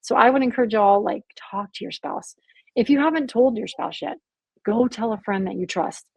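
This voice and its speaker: A woman guest on a podcast speaks in an earnest, candid and conversational way. Her voice is slightly husky and breathy. She sounds close and dry, with no room echo. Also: on the high side, moderate pace. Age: adult, married with children. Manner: earnest, candid, heavy use of "like". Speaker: guest, abuse survivor and author.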